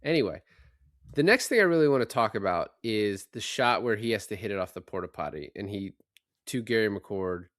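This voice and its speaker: Low-voiced man, excitable podcast host. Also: a little fast, dry recording, clean studio sound. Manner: excitable, profane, recounting scenes. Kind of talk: casual movie-review chat.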